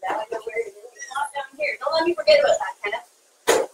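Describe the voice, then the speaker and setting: Bubbly woman chef, high and lively voice, chatty live cooking host. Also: fast, a little hiss or hum, low-quality recording. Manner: chatty and bubbly, laughs often. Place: kitchen.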